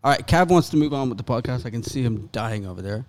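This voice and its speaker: A man's voice: mid-range voice, expressive, fast, no echo. A man hosting a casual podcast, teasing the others and laughing easily. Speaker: podcast host. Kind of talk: casual chat.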